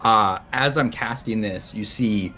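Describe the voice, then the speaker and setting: A man playing a tabletop game, describing his moves in halting, restarting speech. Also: fairly low pitch, pushed and bright. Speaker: player. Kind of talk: casual tabletop game talk.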